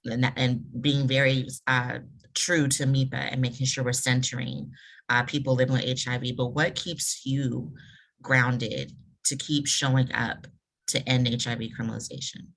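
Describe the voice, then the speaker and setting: A woman moderator on a video call. She talks casually with fillers and offers warm, affirming words to the panelists. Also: rumbling low, flat delivery, normal speed, creaky, low-quality recording.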